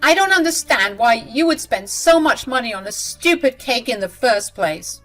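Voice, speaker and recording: A woman voicing a scheming, spiteful mother-in-law who talks in a shrill, indignant way. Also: animated, normal speed, a bit bright, soft background music. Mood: irritated.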